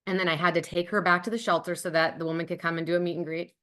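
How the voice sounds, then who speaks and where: A woman with a fairly low voice presents a charity program on a webinar. She talks in a chatty, enthusiastic way, full of ums and likes. The sound is that of a video call. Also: level tone, rapid-fire, fairly bright tone.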